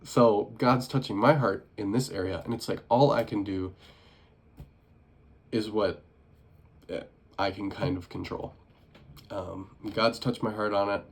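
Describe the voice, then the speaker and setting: A young man speaks in a casual personal vlog, his voice on the low side with a gravelly fry. He rambles earnestly, circling back and restarting his sentences. The talk is loose and unscripted. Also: steady tone, measured pace, long pauses. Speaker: vlogger.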